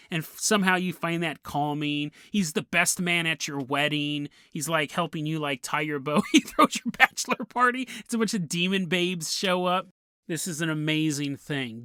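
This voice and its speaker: A man's voice: on the high side, bright, forceful tone, dry recording, studio quality. A man hosting a podcast, telling a comedic story and laughing through his lines. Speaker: podcast host.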